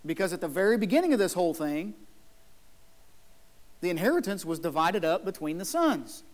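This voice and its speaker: A man's voice: sits high, very animated, brisk. A man preaching a sermon as a pastor in a church, emphatic, acting out the people in his story. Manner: emphatic, acts out the whining brother.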